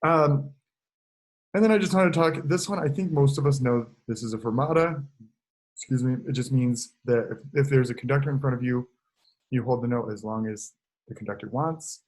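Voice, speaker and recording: A male choir director teaches an online choral lesson at a normal speed in a medium-pitched voice. He explains in an unhurried, relaxed manner and occasionally sings short examples into a computer mic.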